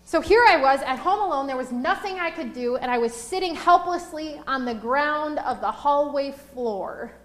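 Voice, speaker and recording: A woman with a high voice preaches a sermon, weaving a personal story into her message. She slows and stresses each phrase when reading scripture. The sound carries a roomy echo. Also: animated, fairly bright tone. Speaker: pastor.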